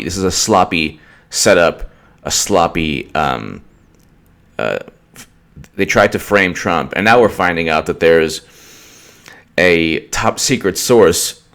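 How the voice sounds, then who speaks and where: A deep, low-pitched man delivering an opinionated political rant. He mocks his targets, repeats himself and restarts his sentences as he goes. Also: gravelly, a bit bright. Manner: ranting, mocking, repetitive restarts. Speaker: political commentator.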